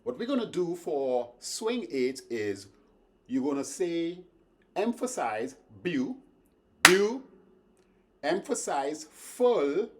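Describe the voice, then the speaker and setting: A man teaching a beginners' music lesson, patiently counting beats aloud and chanting syllables to explain rhythm. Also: medium pitch. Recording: loud music playing behind the voice. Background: loud instrumental music.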